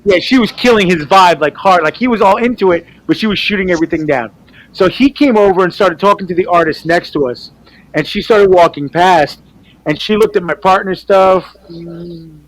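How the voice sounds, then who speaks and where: A man, an artist, chatting casually and telling animated stories, acting out other people's voices and swearing freely. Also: high voice, moderate pace, poor audio. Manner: animated storyteller who acts out quoted voices. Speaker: artist on a team panel show. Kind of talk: casual storytelling chat.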